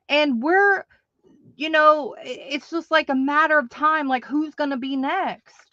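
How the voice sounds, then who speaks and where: A woman with a bright, forceful voice vents at length to her livestream audience, hammering her points home with repetition and indignation. The sound is dry and a little dull, as if from a modest mic. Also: high voice, a little slow, no echo. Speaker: online craft market host. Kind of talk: ranting livestream monologue.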